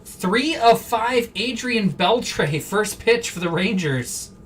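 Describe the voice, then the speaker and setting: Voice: medium pitch, animated, slow pace, far from the mic, a little hiss or hum. A card-break host from Wisconsin, chatting casually and rambling on a live stream indoors. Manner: chatty, rambling, easily amused. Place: indoor room.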